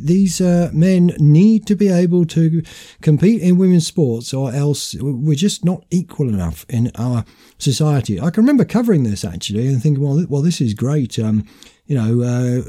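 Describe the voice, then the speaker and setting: A man's voice: fairly high pitch, dark tone. A man hosting an opinionated commentary chat, arguing his points and asking rhetorical questions. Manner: argumentative, asks rhetorical questions. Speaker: host.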